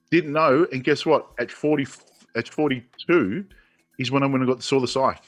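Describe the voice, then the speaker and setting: A man's voice: medium pitch, normal speed, dry recording, faint music behind. A man in his forties with an Australian accent, telling his own story as an interview guest, earnest and emotional, often restarting his sentences. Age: 40s. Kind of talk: candid personal storytelling.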